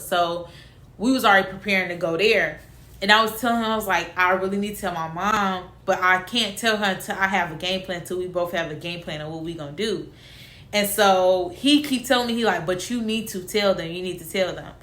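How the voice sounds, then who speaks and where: A young woman, casually telling a personal story and acting out the voices of family members. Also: mid-range voice. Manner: animated, acts out quotes of family. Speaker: vlogger. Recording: echoey room.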